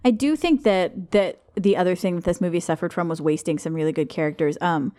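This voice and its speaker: A woman hosting a casual movie review podcast, quick-witted and wry as she steers the talk. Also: fairly low pitch, warm tone. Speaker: podcast host.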